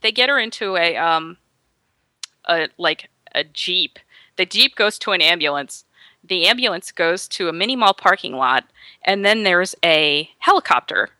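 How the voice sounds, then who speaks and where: A woman telling a story in casual chat, animated, acting out the people she quotes. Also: lowish voice, normal speed, no echo. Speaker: guest storyteller.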